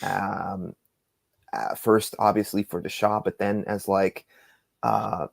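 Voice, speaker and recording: A man hosting a casual interview, searching for words with lots of ums and restarts as he asks questions. His voice is low and gravelly. It sounds dry and close, with no room echo. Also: little pitch movement, slow. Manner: hesitant, full of fillers and restarts. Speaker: host.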